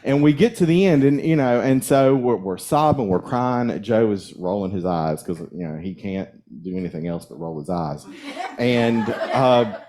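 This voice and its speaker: Mellow-voiced minister telling stories. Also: male voice, on the low side, animated, normal speed, slight background noise. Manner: conversational, chuckles while telling stories. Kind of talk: storytelling sermon. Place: church sanctuary.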